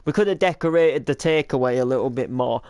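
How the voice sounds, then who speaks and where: A man's voice: medium pitch, fast, darkish tone, no room sound, studio quality. A young British man hosting a casual reaction to his old videos, rambling with lots of likes and restarts.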